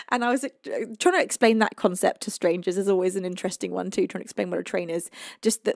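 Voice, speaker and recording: A young woman from southern England chats casually with her livestream audience from home, reading their messages aloud. Her voice has a gravelly, fry-tinged texture and sits at a middling pitch. The sound is dry and close, with no room echo. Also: darkish tone. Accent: English. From United Kingdom. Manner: chatty and emotional, reading out viewer messages, quick to laugh. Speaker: livestream singer and host. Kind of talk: casual chat with live viewers. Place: home, indoors.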